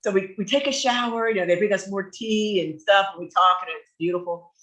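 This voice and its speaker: A woman hosting a radio talk show, telling a personal story in an animated, candid way. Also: medium pitch, fairly quick.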